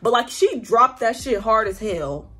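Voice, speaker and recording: Animated young woman telling a storytime vlog. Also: on the high side, measured pace, slightly rough. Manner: animated, slangy storytelling with quoted voices. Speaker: vlogger.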